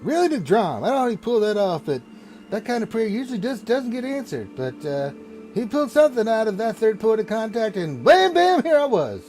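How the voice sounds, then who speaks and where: A man's voice: sits high, very animated, brisk, darkish tone, pitched above the performer's own voice. A man voicing a chatty, smug male raven who loves crackers.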